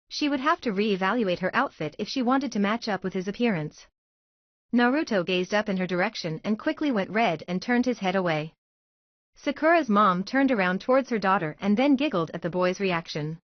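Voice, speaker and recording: Woman, story narration, steady read, dry sound, muffled quality. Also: mid-range voice, no room sound. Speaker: fan-fiction narrator. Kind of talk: audiobook-style story narration.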